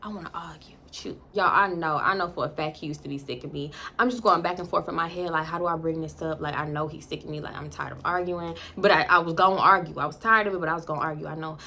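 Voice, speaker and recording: A woman in her twenties telling a storytime to her viewers in a blunt, profane and animated way, talking straight to the audience. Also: low-pitched, fast talker, hardly any pauses, slight background noise. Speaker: storytime vlogger.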